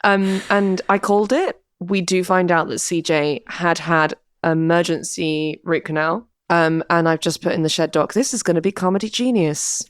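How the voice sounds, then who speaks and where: A woman with a fairly low voice chats casually as a podcast co-host, rambling through a TV recap with plenty of fillers. The sound is dry and close. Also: steady tone, moderate pace, few pauses, dry recording. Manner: rambling, many "like" and "um" fillers, acts out quotes. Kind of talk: casual chat recapping a TV episode.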